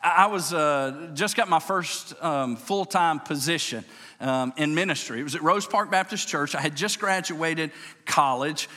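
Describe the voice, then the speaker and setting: A Louisiana-accented pastor in his forties preaches through a story, folksy and lively and hushed when it turns tender. His voice is bright and a touch high. A long hall reverb hangs behind every word. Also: moderate pace. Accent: Southern US, Louisiana. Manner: folksy and animated, acts out voices, drops low and quiet for emotional moments. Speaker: pastor, state police chaplain. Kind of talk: storytelling sermon.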